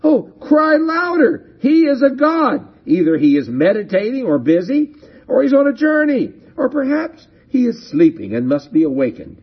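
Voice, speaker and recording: A bold, fiery prophet declaiming his words, as a preacher reads his lines. The voice leaps between low and high, slightly husky, on a dull lo-fi recording. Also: very animated, takes it slowly, full character voice. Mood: mocking. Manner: declaiming, forceful. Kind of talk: dramatic scripture reading in a sermon.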